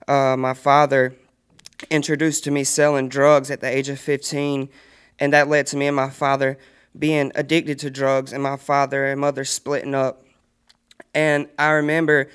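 A man's voice: medium pitch, fairly bright tone, smooth. A young man telling his personal faith testimony earnestly in a casual chat, often laughing as he speaks. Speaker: guest sharing testimony.

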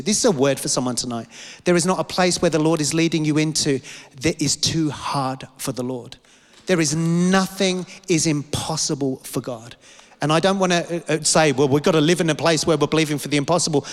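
A man's voice: a little high, in a large hall. A man preaching a sermon with passion, repeating lines and asking rhetorical questions. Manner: impassioned, repetitive, rhetorical questions.

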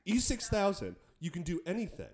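A man with a high voice that leaps around as he chats. He gets excited easily and reacts with lots of exclamations. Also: a little fast. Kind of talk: casual chat.

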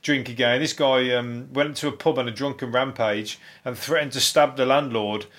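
A man's voice: medium pitch, steady tone, moderate pace, fairly bright tone. Sweary rambling man. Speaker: podcast host. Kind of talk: casual news commentary monologue.

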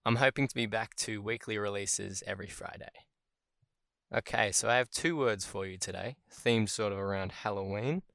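A man's voice: fairly low pitch, normal speed, creaky, fairly bright tone, no echo. A man hosting a solo podcast about word origins, chatting casually and thinking aloud as he goes. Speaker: podcast host.

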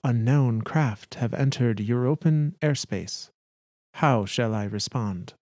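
A man voicing a monotone facility computer that speaks in its maker's voice. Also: medium pitch, slow pace, no room sound, clean studio sound, lightly acted. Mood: flat.

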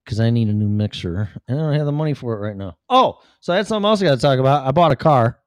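A man's voice: mid-range voice, lively intonation, fast talker, clean tone, dry recording. Man hosting a casual podcast. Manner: profane, rambling, distracted by equipment. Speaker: podcast host. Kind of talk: casual chat.

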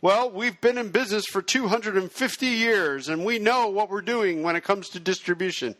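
A man playing a patronizing male distribution dealer with smooth sales patter. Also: high-pitched, normal speed, a bit bright, dry recording, voice pushed up. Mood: smug.

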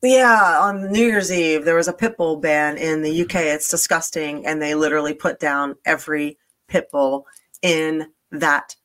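A woman's voice: low-pitched, fairly even intonation, moderate pace, fairly bright tone. A woman hosting a talk show, chatting casually with many fillers and restarts. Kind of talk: casual chat.

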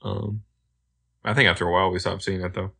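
A man's voice: low-pitched, little pitch movement, brisk, gravelly, sharp tone, slightly rough. A man casually and sarcastically commenting while playing a video game with a friend. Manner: dry, sarcastic, crude jokes. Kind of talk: casual let's-play banter.

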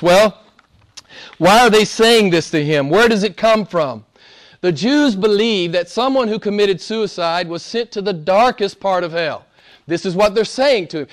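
A man with a fairly high voice delivers a sermon. He preaches emphatically but conversationally, with rising, insistent phrases that alternate with quieter, lower asides. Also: normal speed. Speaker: pastor.

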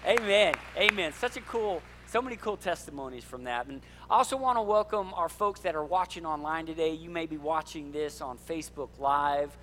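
A middle-aged male pastor, preaching an animated sermon in a church and joking with the congregation. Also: on the high side, normal speed, hardly any pauses, a faint crowd, slight background noise. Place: church sanctuary.

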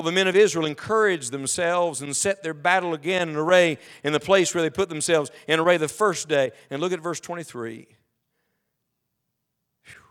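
Preaching in a church sanctuary, a pastor whose voice is a little high and a bit bright reads scripture in King James wording. He also asks his congregation emphatic questions.

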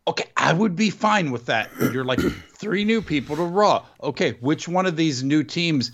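A man's voice: on the high side, animated, normal speed, a bit bright, highs cut off. A man co-hosting a casual wrestling recap chat, sounding annoyed and indignant. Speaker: podcast co-host.

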